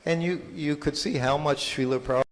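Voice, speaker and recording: A man giving a halting, reminiscing talk as a guest speaker at a temple anniversary, with many fillers and restarts. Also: a little high. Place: large temple hall. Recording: long hall reverb.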